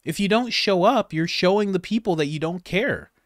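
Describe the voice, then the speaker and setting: A man delivering casual commentary on news clips, sarcastic and excitable, with his pitch rising and falling a lot. He rambles and restarts mid-sentence. The sound is dry and close to the mic. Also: moderate pace, no room sound. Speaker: host, political commentator.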